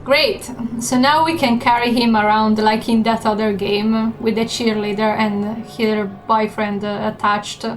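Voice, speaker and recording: A woman streamer giving gaming stream commentary, chatty and unhurried with many fillers. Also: a little high, fairly even intonation. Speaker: game streamer.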